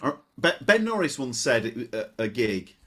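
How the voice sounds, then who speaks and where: A man's voice: mid-range voice, unhurried. A middle-aged man hosting a comedy podcast, chatting casually with frequent restarts. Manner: chatty, lively, with hesitant restarts. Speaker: podcast host.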